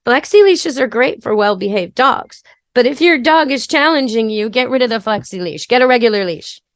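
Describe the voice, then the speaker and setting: A woman pet expert talks through training steps in a practical, chatty manner. Her voice is fairly high. The recording is dry and close. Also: expressive, moderate pace, no room sound. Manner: practical, chatty, gives step-by-step advice. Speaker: pet expert and podcast host. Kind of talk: casual instructional talk.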